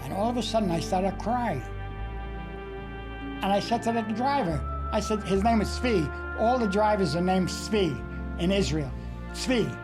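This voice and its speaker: Music plays in the background while a high-pitched, expressive older man recalls his work as a cartoonist at a moderate pace. The American speaker narrates for a documentary interview, offering wry career anecdotes and dry jokes.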